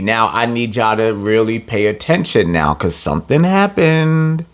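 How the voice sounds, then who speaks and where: A man's voice: lowish voice, measured pace, hardly any pauses. A man teaching an informal scripture lesson, reading verses and retelling them in slang, laughing often. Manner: animated, slangy, laughs often, reads verses then paraphrases. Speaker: Bible teacher.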